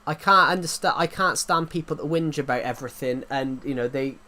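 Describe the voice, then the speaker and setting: A man's voice: fairly high pitch, brisk, sharp tone, a little hiss or hum. An English man chatting casually on a livestream, rambling with many restarts and fillers, his throat sore. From England. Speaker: livestream host.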